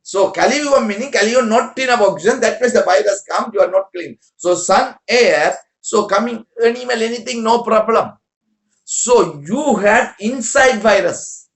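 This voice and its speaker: Man, high-pitched, spiritual teacher, broken rambling English, echoey room. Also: animated, normal speed, a bit bright. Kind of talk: spiritual talk to a group.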